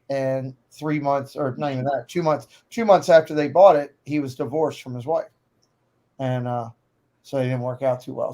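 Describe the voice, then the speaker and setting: A man's voice: medium pitch, mellow. A man chatting casually on a live stream, telling a rambling story with hesitations.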